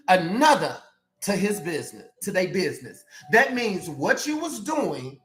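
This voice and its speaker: A man in the role of a life coach, giving an animated, preachy motivational sermon with repeated calls to his listeners. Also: sits high, unhurried. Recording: echoey room with faint music.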